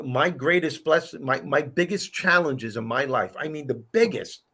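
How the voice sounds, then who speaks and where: A man's voice: mid-range voice, fairly bright tone. An older man hosting a live talk show, telling heartfelt stories in an earnest, emphatic way. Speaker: host. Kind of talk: casual live-show chat.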